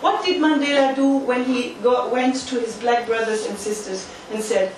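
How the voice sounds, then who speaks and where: Woman, lecturer, emphatic and animated, high voice, distant mic, very echoey hall. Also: normal speed. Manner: emphatic, uses volunteer demonstrations. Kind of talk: interactive lecture. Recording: echoey hall from far off, faint noise.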